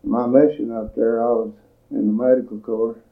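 For an oral history recording, an older veteran recalls his wartime service, plain-spoken and measured as he tells his story. His creaky voice sits at a medium pitch with a flat delivery, captured on a tinny lo-fi tape.

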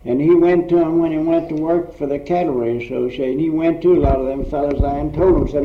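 On a roomy, dull old tape, an older man rambles through blunt stories of his past in casual oral-history fashion, swearing freely. His voice is on the high side, and he talks fast with few pauses over slight background noise.

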